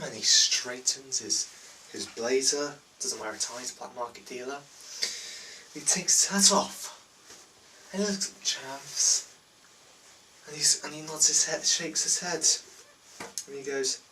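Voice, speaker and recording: A teenage boy telling a rambling comic story, stumbling and restarting, with deadpan asides. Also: medium pitch, normal speed, far from the mic, slight background noise, poor audio. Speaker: comedy vlogger.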